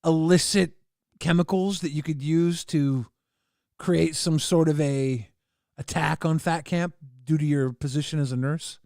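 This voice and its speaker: A man co-hosting a casual panel chat, teasing with sarcastic deadpan jokes. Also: a little high, measured pace, vocal fry, no room sound, studio quality.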